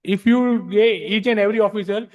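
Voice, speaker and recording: Frank, emphatic Indian man, fairly high voice. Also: normal speed, phone-quality sound. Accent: Indian English. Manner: frank, emphatic, repeats himself. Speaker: speaker at a tax practitioners' study circle. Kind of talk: explaining to an audience, mixing English and Hindi. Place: library meeting room.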